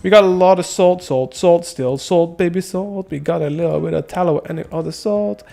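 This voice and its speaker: A young man with a high, creaky voice and a darkish tone does casual gameplay commentary at a moderate pace with few pauses. He rambles and jokes while reading chat, laughing often and making silly sound effects. Faint music plays behind him.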